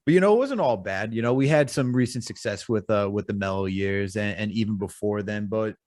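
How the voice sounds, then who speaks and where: A man from New York co-hosting a sports podcast, talking with animated, emphatic fan banter. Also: on the low side, fairly quick, dry recording, studio quality. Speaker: podcast co-host. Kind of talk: casual podcast chat.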